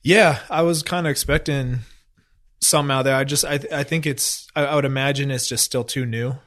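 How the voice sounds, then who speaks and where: A man, a former athlete, talking as a podcast guest in a measured way with frequent restarts. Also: mid-range voice, fairly even intonation, a bit bright. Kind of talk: casual chat.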